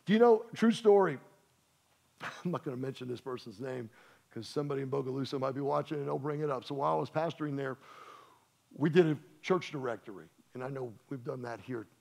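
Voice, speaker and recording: A man's voice: mid-range voice, brisk, gravelly, dark tone. A man from Louisiana, preaching a sermon in a folksy, joking, conversational way to his church. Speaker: pastor. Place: church sanctuary.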